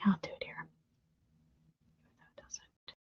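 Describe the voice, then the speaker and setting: A woman's voice: takes it slowly, darkish tone, no room sound, whispered, lo-fi sound. A woman hosting a casual art livestream from her craft table at home, chatting with viewers and greeting them by name.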